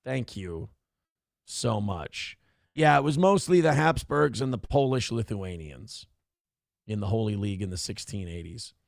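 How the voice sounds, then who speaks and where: Gravelly, profane livestream host. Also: male voice, fairly low pitch, animated, measured pace, dry recording, clean studio sound. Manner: profane, rambling, reads viewer messages aloud. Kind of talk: casual livestream chat.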